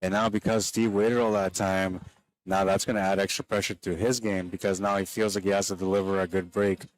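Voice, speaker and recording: A man giving relaxed, chatty live play-by-play commentary on a pool match, a little worn down late in the day and talking straight to stream viewers. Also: deep voice, fairly quick.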